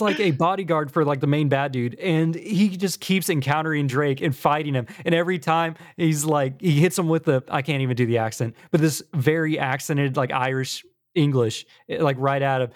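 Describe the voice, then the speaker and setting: A man hosting a podcast in casual chat, telling stories in an easygoing way and moving the show between segments. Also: a little high. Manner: easygoing storyteller, runs the segments. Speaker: podcast host.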